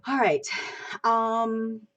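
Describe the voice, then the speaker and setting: A woman hosting a casual livestream chat, chatty and expressive, swearing casually. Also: a little high, drawn-out words, highs cut off. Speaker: livestream host. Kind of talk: casual chat about fan fiction.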